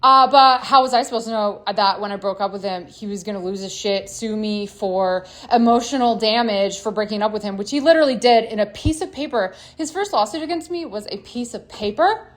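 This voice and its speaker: With a medium-pitched voice, a woman musician talks through her own story in a confessional way, fairly quickly and with few pauses. She curses openly, and her tone veers between loud anger and quieter calm.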